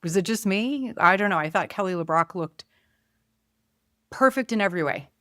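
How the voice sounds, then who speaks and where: A woman's voice: mid-range voice, lively intonation, normal speed, bright, forceful tone, dry recording, studio quality. Chatty woman hosting a film podcast. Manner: chatty, trails off and restarts, musing aloud. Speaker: podcast host. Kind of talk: casual film review chat.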